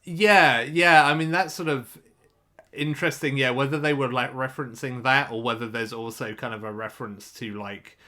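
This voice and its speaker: A man's voice: medium pitch, steady tone, normal speed, bright, forceful tone. A man co-hosting a podcast, reacting in loose, rambling casual chat full of fillers. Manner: rambling, lots of fillers like "like" and "yeah". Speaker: podcast co-host.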